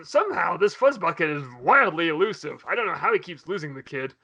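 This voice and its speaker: A man hosting a podcast in casual chat, telling a story in an animated way. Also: high-pitched, brisk, few pauses, slightly rough. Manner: animated, swears and laughs while retelling. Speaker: podcast host.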